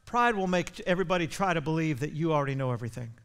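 Gravelly preacher in a reverberant church. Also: male voice, on the high side, lively intonation, racing. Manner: repeats words, builds to loud fervent preaching. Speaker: pastor. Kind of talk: sermon. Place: church sanctuary. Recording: long church hall reverb.

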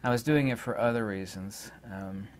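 A man hosting his own channel, talking in a rambling, indignant way and pausing on many filler words. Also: fairly low pitch. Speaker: channel host. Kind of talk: rambling casual monologue.

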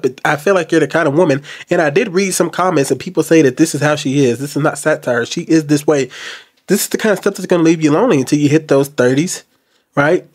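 A man commenting on a video clip to his viewers, jumping between loud outbursts and low, quiet asides. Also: husky. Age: adult. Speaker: reaction commentator. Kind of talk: casual commentary to camera.

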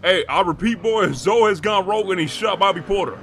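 Frantic, high-voiced man roleplaying. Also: a little fast, a bit bright, faint music behind. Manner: frantic, swearing, repeats himself. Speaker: streamer roleplaying a gang member. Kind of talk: in-character GTA roleplay.

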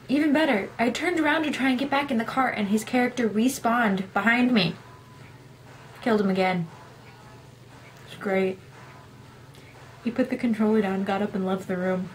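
A woman's voice: a little high, normal speed, pauses often, slight background noise. A young woman telling a rambling, self-deprecating story in a casual vlog, acting out her own past lines. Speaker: gaming vlogger.

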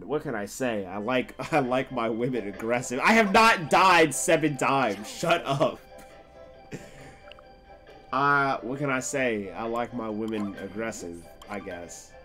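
A man streaming a video game live, reacting loudly and crudely and talking back to the characters on screen. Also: medium pitch, takes it slowly, faint music behind. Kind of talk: live gameplay commentary.

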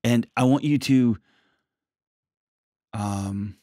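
A man hosting a call-in advice show, talking bluntly and with animated emphasis. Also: mid-range voice, drawn-out words, no echo, studio quality. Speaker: host.

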